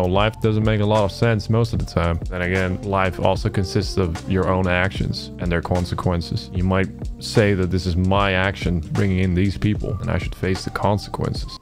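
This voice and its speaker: A man streaming an online shooter, giving laid-back, joking and rambling commentary while he plays. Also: deep voice. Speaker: game streamer. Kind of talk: casual gameplay commentary. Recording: gameplay recording with music behind.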